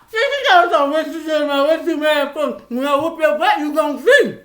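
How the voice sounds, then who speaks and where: A woman's voice: high-pitched, animated, normal speed, hardly any pauses, a bit bright, reverberant. A mother hosting a casual family vlog, scolding her child in a mock-angry way through laughter. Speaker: mother and channel host.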